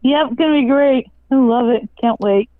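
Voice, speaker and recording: A woman's voice: a little high, normal speed, dry recording. A woman calling in to a live stream, chatting in an effusive, emotional way and laughing often. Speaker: caller. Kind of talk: casual chat on a live stream. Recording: tinny phone line.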